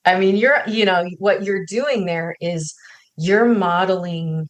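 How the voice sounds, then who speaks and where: A woman speaks in a thoughtful, reflective podcast conversation. Her voice sits a little low. She circles her points and tags them with "right?" as she goes. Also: slow pace.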